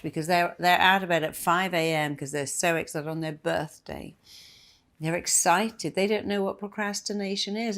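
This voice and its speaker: A woman's voice: fairly low pitch, a bit bright. A woman giving a motivational talk, emphatic and repeating key phrases for effect. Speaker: motivational speaker.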